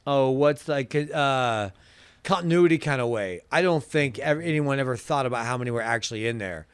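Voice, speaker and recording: A man co-hosting a podcast, joking and riffing with quick put-on voices in casual chat. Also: mid-range voice, clear, resonant tone, dry recording. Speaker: podcast co-host.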